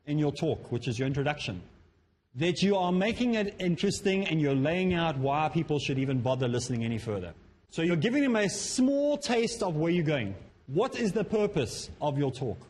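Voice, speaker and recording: A man from Africa, lecturing students on public speaking in a lively way that acts out the speakers he quotes. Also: on the high side, slight background noise. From South Africa.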